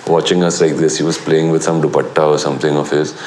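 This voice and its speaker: A middle-aged film actor gives a documentary interview, animatedly telling anecdotes and acting out others' lines. His rumbling low voice moves fast, with a little hiss or hum in the recording.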